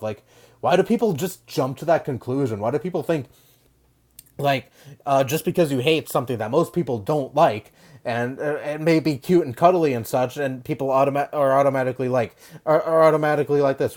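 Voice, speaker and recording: A young man of middling pitch talks casually, answering an article point by point. He rambles and gets defensive, swears now and then, and trips over restarts and fillers as he goes. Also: fairly quick, a little mellow. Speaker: video commentator. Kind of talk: casual commentary reading and responding to an article.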